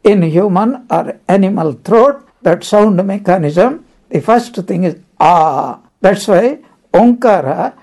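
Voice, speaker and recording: A spiritual teacher giving a scripture discourse, telling stories and explaining Sanskrit terms one by one in an unhurried way. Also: medium pitch, lively intonation, a little mellow.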